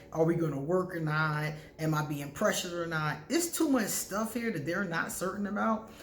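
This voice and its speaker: A woman vlogger giving casual, candid astrology advice to camera, talking freely and breaking into loud laughter. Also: lowish voice, roomy sound, slight background noise.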